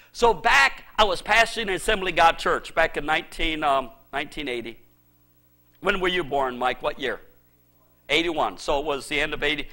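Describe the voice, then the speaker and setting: A middle-aged male pastor preaching a sermon in church, emphatic, with sudden shouted bursts. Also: high-pitched.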